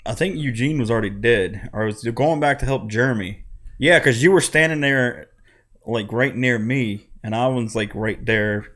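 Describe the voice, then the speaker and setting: A man with a middle-pitched voice chatting on a gaming podcast, telling his side of each match in earnest and defending his choices. He laughs at himself along the way. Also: normal speed, fairly bright tone. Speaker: podcast co-host. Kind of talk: casual gaming chat.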